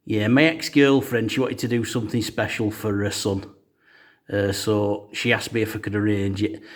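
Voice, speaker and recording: A man's voice: fairly low pitch, level tone, normal speed. A man telling a comic story in a casual, rambling way, full of "uh" fillers. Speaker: storyteller host.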